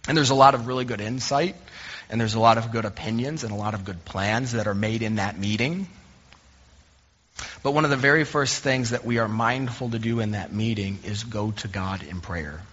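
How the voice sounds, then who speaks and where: Pastor, young adult male, conversational sermon delivery with self-deprecating humor, husky tone, muffled long-reverb room. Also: lowish voice, moderate pace, a bit bright. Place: church sanctuary. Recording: dull recording in a reverberant hall.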